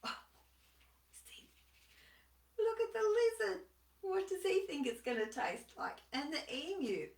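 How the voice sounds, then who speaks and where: Storyteller woman, slow and bright, expressive, echoey room. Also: very high voice, creaky, far from the mic, a little hiss or hum. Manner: expressive, asks the listener questions. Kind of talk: children's story reading.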